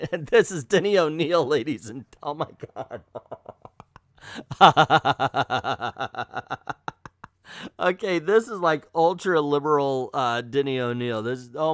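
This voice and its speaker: Animated man roasting an old comic. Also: a little high, clear, resonant tone, no room sound, studio quality. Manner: animated, laughing, incredulous asides. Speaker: comic book video host. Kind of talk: casual comic reading and roasting.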